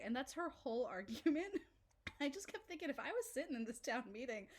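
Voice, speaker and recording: A woman co-hosting a podcast, chatting casually about a film, animated and laughing as she mimics characters. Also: fairly high pitch, brisk. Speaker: podcast co-host. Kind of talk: casual film-review chat.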